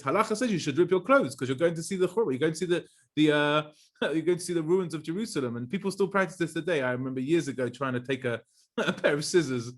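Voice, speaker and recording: A middle-aged rabbi tells a Talmud story with a fairly high, animated voice. He mixes Hebrew phrases into his English and laughs now and then as he teaches. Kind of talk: Torah class storytelling.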